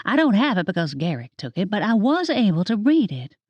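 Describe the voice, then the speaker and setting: A woman voicing an earnest, curious young witch heroine in an expressive, natural voice. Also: medium pitch, fairly quick, no room sound, lo-fi sound.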